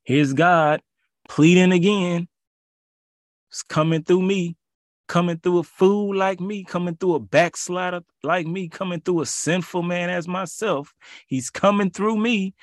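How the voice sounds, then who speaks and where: A man's voice: high-pitched, steady tone, a little slow, no echo, clean studio sound. A man preaching and reading scripture aloud, pleading with listeners and mixing in casual asides. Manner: pleading, rising to emphatic peaks; informal, colloquial asides.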